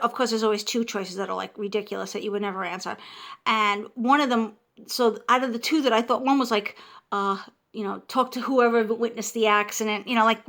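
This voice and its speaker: A fairly high-voiced woman in her fifties recounts an ordeal to her viewers. She talks in an animated, emotional way, breaking off and restarting her sentences as she goes. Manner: animated, emotional, frequent restarts and self-interruptions. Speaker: vlogger. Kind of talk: casual storytelling.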